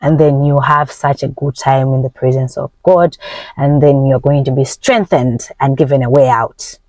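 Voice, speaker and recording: Woman, Nyanja first language, self-help coach, emphatic preachy vlog talk, swinging pitch and tempo, dry close sound. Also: steady tone, moderate pace, darkish tone, no echo. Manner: preachy, faith-filled encouragement.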